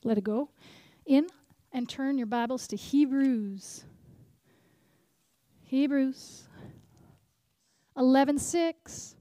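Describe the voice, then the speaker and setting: A woman preaching at a conference, animated, repeating key lines and asking the crowd questions. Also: high voice, slow, pauses often, no echo. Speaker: conference speaker. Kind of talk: sermon.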